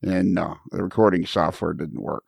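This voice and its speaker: A man's voice: low voice, little pitch movement, normal speed, vocal fry, a little mellow, husky, dry recording. A man hosting a podcast, telling a rambling, self-deprecating story in casual chat from a studio. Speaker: podcast host. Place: recording studio.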